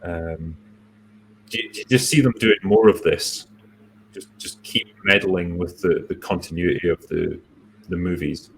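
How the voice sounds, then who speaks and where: A middle-aged man, hosting a casual chat, halting with many pauses and wry remarks. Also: deep voice, a little hiss or hum. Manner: laid-back, halting with many ums, wry. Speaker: host. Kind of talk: casual chat reading superchats.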